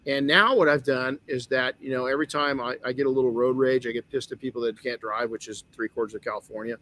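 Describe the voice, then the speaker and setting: Guy hosting a motivation podcast, open storytelling, stumbles and restarts a lot, mid-pitch voice. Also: steady tone, fast talker, sharp tone. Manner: candid storytelling, frequent restarts. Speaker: podcast host.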